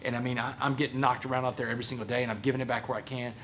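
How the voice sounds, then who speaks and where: A man with a Texan accent giving a motivational storytelling speech. He is animated and folksy, and keeps calling the audience "y'all". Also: mid-range voice, racing, slight background noise. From Port Arthur, Texas. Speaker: motivational speaker.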